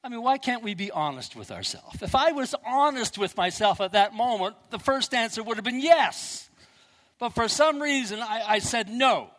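An older man preaching a sermon, telling a story and swinging between loud and hushed delivery. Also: extremely high pitch, lively intonation, moderate pace, in a large hall.

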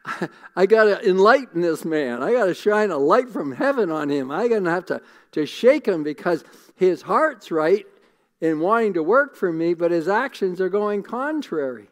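A man's voice: high-pitched, big pitch swings, normal speed, long reverb tail. A man voicing God as a resolute, fatherly figure, thinking aloud with determination. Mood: determined.

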